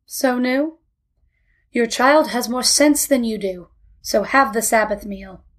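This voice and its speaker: A woman's voice: fairly high pitch, slow pace. A woman voicing a large, stern rabbi in a storybook reading, ironic and scolding. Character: large stern middle-aged male rabbi.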